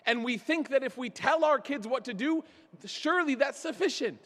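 A man's voice: extremely high pitch, expressive, moderate pace, fairly bright tone. A man giving a religious talk to a gathering, telling stories with self-deprecating jokes in a large hall. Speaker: speaker. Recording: long hall reverb.

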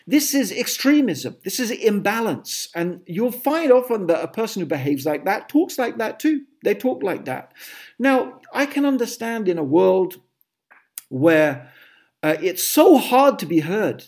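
A man's voice: sits high, very animated, unhurried, darkish tone. A man giving a sermon, dramatic and emphatic, reeling off lists of exaggerated phrases. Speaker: Muslim preacher. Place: England.

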